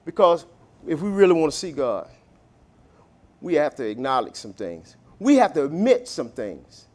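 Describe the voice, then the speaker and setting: A pastor preaches in a church, his voice sitting well above the usual male register. He lurches between loud, emphatic lines and hushed, low asides, drawing out the words he wants to land. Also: very animated, moderate pace. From Southern United States. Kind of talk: sermon. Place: church sanctuary.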